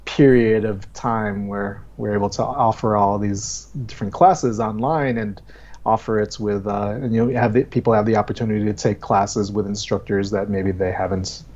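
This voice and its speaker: A man from the US, a guest instructor, speaking in a thoughtful, measured way with many fillers on a video call. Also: on the low side, fairly even intonation, darkish tone, dull audio. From USA. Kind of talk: casual video call interview.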